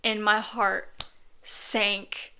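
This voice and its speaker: A woman's voice: medium pitch, level tone, drawn-out words, bright, forceful tone, smooth. A woman casually telling a personal story on her podcast, chatty and earnest, with lots of "like" fillers.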